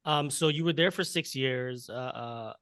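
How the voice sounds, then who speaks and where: A man's voice: mid-range voice, a little slow, fairly bright tone, smooth, dry recording. A man hosting a podcast interview, asking questions with many hesitant fillers and supportive remarks. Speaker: podcast host. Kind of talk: casual interview.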